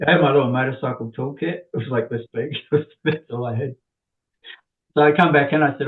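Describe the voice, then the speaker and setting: A man's voice: mid-range voice, fast. A man, an inventor and podcast guest, telling a rambling story with many restarts and little laughs. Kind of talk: casual storytelling. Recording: tinny phone-like line.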